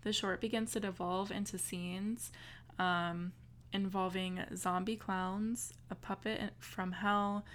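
A woman's voice: medium pitch, level tone, slow, fairly bright tone. A woman co-hosting a podcast, chatting casually and peppering her speech with "like". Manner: chatty, lots of "like". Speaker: podcast co-host. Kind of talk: casual chat.

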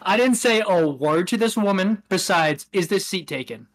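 This podcast co-host is a man with a high-pitched, animated voice, speaking at a moderate pace. Chatting casually, he tells a meandering story, often laughing and mimicking what people said.

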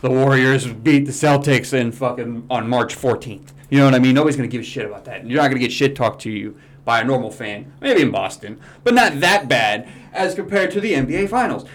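A young man hosting a podcast, talking sports in casual, profane, animated banter. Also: mid-range voice, fairly quick. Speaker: podcast host.

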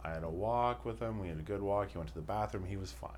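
Young man, very low voice, casual swearing podcast host, rambling stories, faint background hiss. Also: fast, a little mellow. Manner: profane, rambling storyteller. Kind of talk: casual chat.

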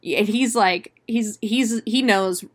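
A woman's voice: on the high side, slow. A woman casually retelling a movie plot in a chatty, profane way, full of fillers and laughs. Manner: laughs often while retelling. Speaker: film reviewer.

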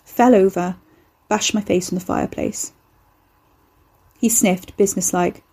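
A woman reading a novel aloud as narrator in a measured, even storytelling way. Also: medium pitch, slightly rough. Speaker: audiobook narrator. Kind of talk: scripted narration.

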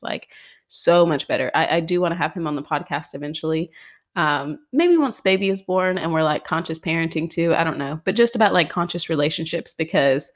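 A young woman hosting a podcast, talking casually in a chatty, exasperated way with lots of filler words. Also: low-pitched. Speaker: podcast host. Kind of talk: casual solo podcast monologue.

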